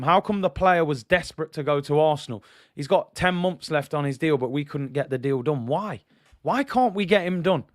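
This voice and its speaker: A fed-up man vents on a football livestream, firing question after question at the club. His voice sits fairly high and sounds close and dry, with no room around it. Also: no room sound. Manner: frustrated, rhetorical questions, reads out viewer comments. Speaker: football channel host. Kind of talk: livestream fan rant.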